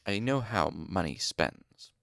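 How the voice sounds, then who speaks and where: A man's voice: deep voice, lively intonation, slow pace, vocal fry, fairly bright tone, no echo, clean studio sound, exaggerated voice. A man reading an audiobook, voicing a haughty, condescending rich young nobleman student. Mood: smug. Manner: smug, clipped and condescending.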